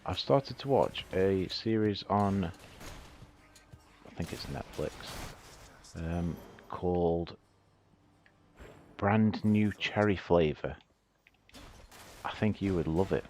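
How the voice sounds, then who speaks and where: A man's voice: low-pitched, takes it slowly, long pauses, darkish tone, soft background music. A man chatting casually and laughing often while he plays a game on a livestream. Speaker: streamer playing the game. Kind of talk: casual gaming livestream chat.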